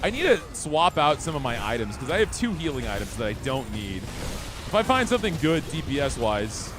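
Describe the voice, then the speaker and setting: A man's voice: medium pitch, sing-song, moderate pace, noisy background. A man live-streaming a video game, chatting with his viewers and reacting to play. He talks in a chatty way, reads chat aloud, laughs often and has hiccups. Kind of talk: live gameplay commentary.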